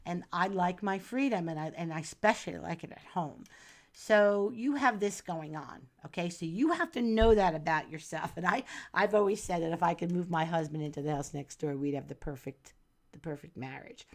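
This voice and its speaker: A woman's voice: lowish voice, moderate pace. A middle-aged woman from New Jersey, chatting casually as she reads a viewer's astrology chart on a live stream, calling the viewer hon and doll.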